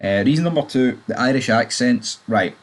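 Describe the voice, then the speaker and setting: A man's voice: medium pitch, animated, moderate pace. Rambling man reviewing a show. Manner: rambling, loose, with frequent asides to the viewer. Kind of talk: casual opinionated chat.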